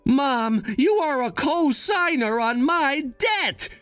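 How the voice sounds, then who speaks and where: A man voicing a calm, scheming son. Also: very high-pitched, takes it slowly, no echo, soft background music, exaggerated voice. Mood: firm. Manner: cool, firm, lecturing.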